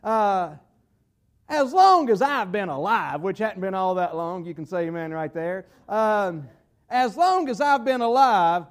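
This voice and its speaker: Southern pastor, man, high voice, folksy sermon with lots of restarts. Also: darkish tone. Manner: folksy, repeats words while searching for phrasing.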